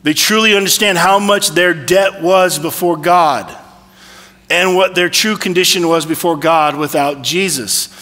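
A pastor with a bright, high male voice preaches a sermon in a church sanctuary at a measured pace, conversational and full of rhetorical questions. The recording has a big-room sound.

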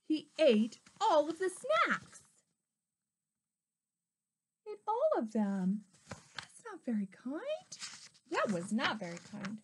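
A woman reading a picture book aloud to a preschooler, stopping to talk to the child in an animated way. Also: mid-range voice, slow, breathy edge. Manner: animated, talks to the child between lines. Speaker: storyteller.

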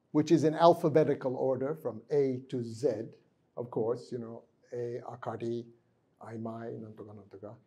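A man's voice: mid-range voice, dark tone, husky. A man from the United States giving a university lecture in a large conference room, putting questions to the audience and mixing Japanese phrases into his English. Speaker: guest lecturer.

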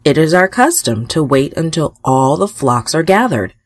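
A woman's voice: low voice, very animated, normal speed, no room sound, studio quality. A woman voicing a friendly group of shepherds who answer plainly and helpfully in a children's storybook.

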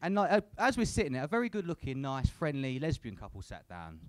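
Fast and mid-range, with wildly swooping pitch, this young man does crude stand-up at a comedy club. He swears heavily and keeps adding "innit" to his lines, and there's no echo on the audio.

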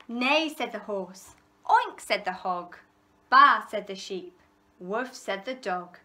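Library lady doing storytime, bright voice, takes it real slow and sing-song. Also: on the high side. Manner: rhythmic, expressive rhyming delivery with lively animal sounds. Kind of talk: children's picture book read-aloud.

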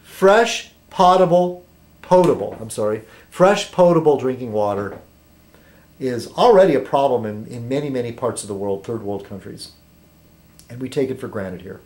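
A man vlogging, reading a news item aloud haltingly and then rambling through political commentary, tripping over foreign words. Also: medium pitch, expressive, a little mellow. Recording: echoey room.

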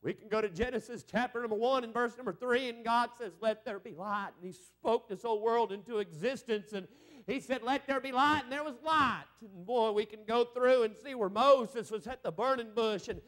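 A man's voice: extremely high pitch, moderate pace, fairly bright tone. A middle-aged man preaching a revival sermon as an evangelist, building to fervent exclamations.

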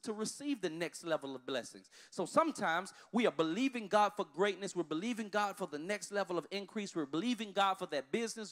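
A man. He leans on call-and-response and repeats phrases over and over. He swings from loud, ringing lines down to hushed asides. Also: high-pitched. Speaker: pastor. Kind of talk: sermon.

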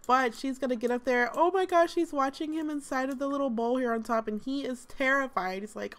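A woman's voice: high-pitched, a little fast, hardly any pauses. A woman host giving casual, amused gameplay commentary, chatty with lots of fillers. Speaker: gaming channel host.

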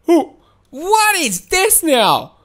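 A woman giving excited let's-play commentary, giggly and excitable with frequent laughs and exclamations. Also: extremely high pitch, extremely slow. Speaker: gameplay commentator.

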